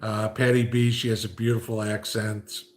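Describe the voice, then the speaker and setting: A man's voice: lowish voice, flat delivery, moderate pace. A man hosting a casual livestream, reading viewer comments and chatting, with frequent "okay?" asides. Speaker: livestream host reading chat.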